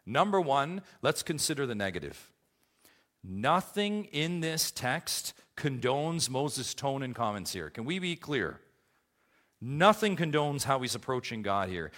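A male pastor delivering a sermon with emphatic, dynamic preaching. His voice climbs high and loud on key points, then drops low and quiet. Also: very animated, normal speed. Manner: emphatic preaching with wide swings in pitch and loudness.

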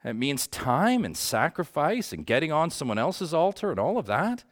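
A man's voice: a little high, big pitch swings, moderate pace. A man teaching a Bible study group in a conversational way, earnest and passionate, often checking in with his listeners.

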